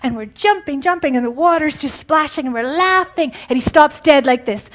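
A woman preaching an informal, conversational sermon, animated and often laughing. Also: high voice, a little fast, few pauses.

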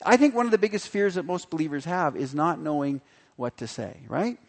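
A pastor preaching a sermon with animated delivery, acting out the voices in the story he tells. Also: a little high, brisk. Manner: animated, acts out the figures' voices in quotes. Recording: long hall reverb.

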